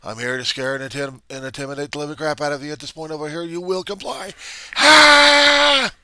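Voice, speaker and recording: A man's voice: deep voice, moderate pace, sharp tone, no echo, exaggerated voice. A man voicing an arrogant male bully who sneers and bellows threats at a listener. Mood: bellowing.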